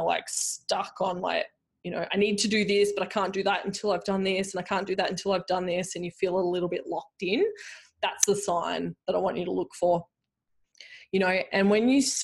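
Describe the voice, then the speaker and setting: Chatty woman podcast host. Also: fairly low pitch. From Australia. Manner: chatty, rambling, many fillers and put-on quote voices. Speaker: podcast host, bookkeeping coach. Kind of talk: casual solo podcast talk.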